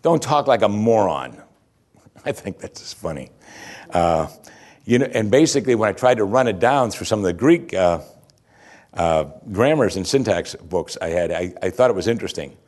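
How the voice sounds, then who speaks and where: A man with a somewhat low voice preaches a sermon. He talks in a lively, conversational way, chuckling at his own asides. Now and then he climbs to emphatic, raised peaks. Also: normal speed. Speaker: pastor.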